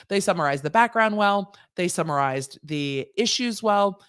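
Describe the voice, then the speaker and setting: A woman's voice: medium pitch, lively intonation, moderate pace, a bit bright. Chatty woman lawyer hosting a livestream. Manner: chatty, digressive, laughs at own jokes. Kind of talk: casual legal commentary livestream.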